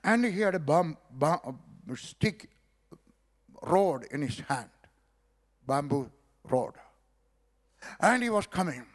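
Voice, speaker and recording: A man's voice: on the high side, animated, slow pace, long pauses. A middle-aged man from South India with an Indian accent, telling a story as a sermon and acting out the dialogue. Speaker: preacher. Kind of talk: sermon testimony.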